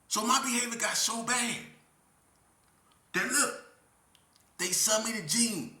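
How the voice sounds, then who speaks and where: A man telling an emotional story of his past as an interview guest, talking intensely in street slang and repeating himself, swinging from near shouts down to a low voice. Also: slow pace, long pauses, roomy sound. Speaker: interview guest recounting prison life.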